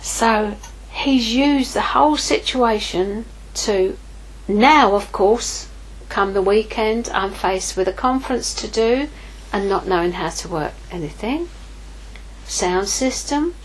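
Husky woman preaching candidly. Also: medium pitch, animated, slow, rough recording. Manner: candid, conversational, acts out inner dialogue. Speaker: ministry leader preaching. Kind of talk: informal sermon with personal story.

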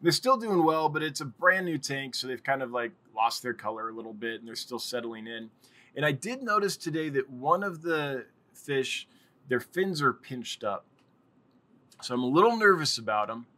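A man's voice: mid-range voice, lively intonation, moderate pace, sharp tone. A man hosting a casual live stream, rambling and chatting with viewers and laughing often.

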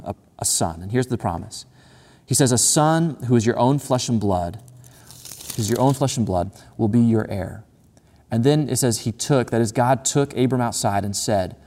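A man preaching a sermon in an earnest way, repeating phrases and slowing down to read scripture aloud. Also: mid-range voice, warm tone, in a large hall. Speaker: pastor.

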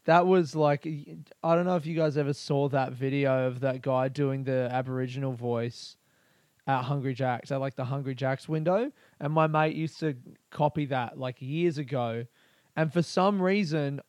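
A man's voice: fairly high pitch, a little mellow, no room sound. An Australian man hosting a casual solo podcast from a small bedroom, rambling, swearing freely and laughing often. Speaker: podcast host.

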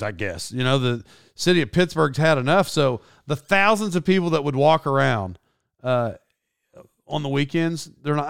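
Oklahoma guy, slight twang, chatty podcast storyteller, gravelly but clean tone, dry close mic. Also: a little high, no room sound. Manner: rambling, self-correcting, laughs often. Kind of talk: casual storytelling chat.

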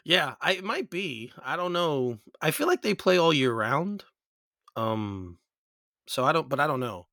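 A man's voice: on the high side, very animated, a little slow, sharp tone, no echo, studio quality. An American man hosting a podcast, chatting casually with many fillers and restarts. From United States. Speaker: podcast host. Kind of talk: casual chat. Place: New York.

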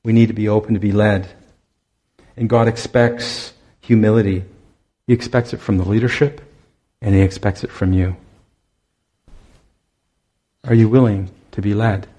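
A man preaching a sermon to his congregation, speaking in an earnest, exhorting way with many pauses. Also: on the low side, warm tone, slightly rough.

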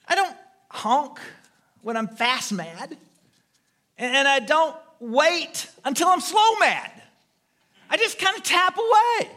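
A middle-aged American pastor delivers a sermon in a strikingly high, bright voice. His pitch swings widely as he tells humorous stories, acting out horn beeps along the way. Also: slow. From United States. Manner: animated, humorous storytelling with vocal sound effects.

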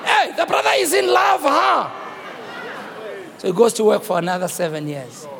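A man with a South African accent preaching a sermon and telling the story dramatically, swinging from shouts to hushed tones. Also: very high voice, huge pitch swings, moderate pace, vocal fry, a faint crowd. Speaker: bishop preaching. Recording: long reverb of a church hall.

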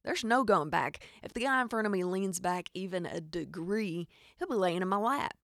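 A woman from Arkansas with a Southern Arkansas accent, telling a funny story as a podcast host, with animated, exasperated asides. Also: medium pitch, normal speed, dry recording, clean studio sound. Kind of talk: comedic storytelling monologue.

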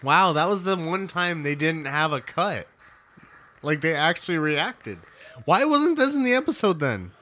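A young man co-hosting a casual podcast, with a lively voice that swings up and down in pitch. He laughs often, swears freely and drops into put-on voices as he retells what happens on screen. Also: unhurried. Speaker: podcast co-host. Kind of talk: casual chat reacting to a show.

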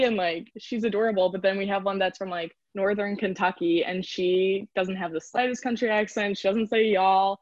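A woman's voice: mid-range voice, steady tone, moderate pace, hardly any pauses, no echo, highs cut off. A young woman from the Chicago area, chatting casually in an interview as a college rower and filling her speech with "like". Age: young adult. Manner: chatty, lots of "like" fillers.

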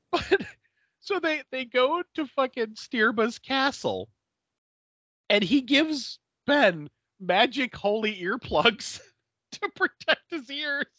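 A man's voice: extremely high pitch, dry recording, lo-fi sound. A man co-hosting a casual podcast, retelling a movie plot with lots of laughter and acted-out quotes. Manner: laughing often, animated retelling with quoted voices. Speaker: podcast co-host. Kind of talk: casual movie recap chat.

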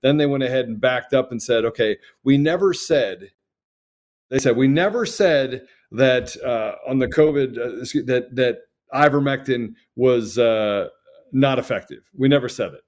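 A man's voice: mid-range voice, normal speed, a little mellow. A man co-hosting a political talk show, speaking emphatically with stammering restarts. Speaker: co-host.

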